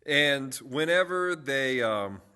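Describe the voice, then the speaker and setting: Bright-voiced young man telling stories. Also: mid-range voice, animated, slow pace, clean tone. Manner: chatty storytelling with frequent fillers and restarts. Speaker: youth pastor. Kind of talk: casual livestream chat.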